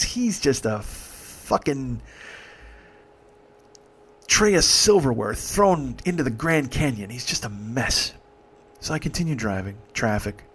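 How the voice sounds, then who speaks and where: A male comedian telling a story, exasperated and swearing freely. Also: mid-range voice. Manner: profane, exasperated.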